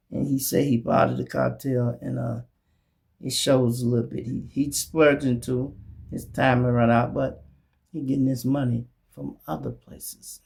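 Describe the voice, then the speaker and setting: Male host, gravelly, profane, mocking street commentator. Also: medium pitch, a little mellow. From Memphis. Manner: blunt, profane, mocking, acts out others' voices. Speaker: show host. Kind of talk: commentary monologue.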